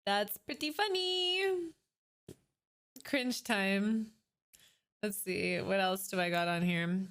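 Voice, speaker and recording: A woman in her late twenties, a streamer chatting casually while reacting to old clips, laughing often, swearing freely and breaking into loud excited outbursts. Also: medium pitch, slow pace, pauses often, smooth.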